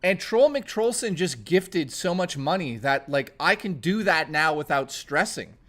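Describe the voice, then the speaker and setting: A man with a fairly high, lively voice chats on a live stream, stammering, swearing and rambling. He sounds close to tears, his words tumbling out with emotion. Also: unhurried. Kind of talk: casual live-stream chat.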